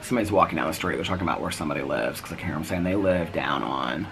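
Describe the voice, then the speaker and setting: A man's voice: low-pitched, racing, fairly bright tone. A middle-aged man chatting casually in a daily vlog from his front porch, retelling his day with quoted back-and-forth dialogue. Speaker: vlogger.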